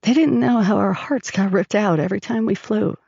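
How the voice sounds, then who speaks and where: A woman with a gravelly voice narrating a first-person audiobook in a measured, even way. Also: mid-range voice, dry recording. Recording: dry, slightly dull recording.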